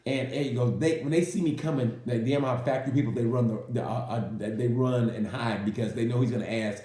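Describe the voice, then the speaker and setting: Male comic race reviewer, rambling and animated, mellow voice in an echoey room. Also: mid-range voice, fast. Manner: rambling, animated, acts out quotes in silly voices. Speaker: racing commentator. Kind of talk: casual comedic race review.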